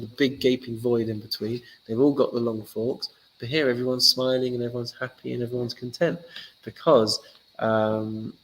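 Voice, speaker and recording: A man, a rabbi giving a casual teaching talk and telling stories lively, acting out the characters. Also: medium pitch, rough recording.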